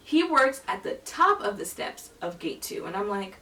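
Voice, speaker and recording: A young woman telling a storytime vlog, animated and acting out the voices of people in her tale. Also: mid-range voice, moderate pace, slight background noise. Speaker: vlogger. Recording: voice a bit distant from the mic.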